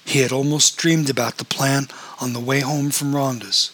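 A man narrating a novel as an audiobook, in a steady storytelling manner. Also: medium pitch, moderate pace, low-quality recording.

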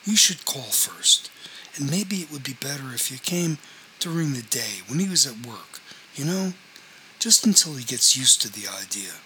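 An uneasy middle-aged mother talks in a soft, placating way, read by a man in an audiobook. The voice has a very bright, keen edge at a middling pitch. She smooths things over rather than pushing. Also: very animated, normal speed, a little hiss or hum, rough recording.

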